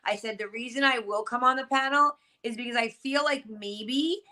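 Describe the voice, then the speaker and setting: A woman's voice: fairly high pitch, moderate pace, sharp tone. A woman talking casually as a panelist, emphatic and joking, often repeating words for effect. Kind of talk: casual podcast chat.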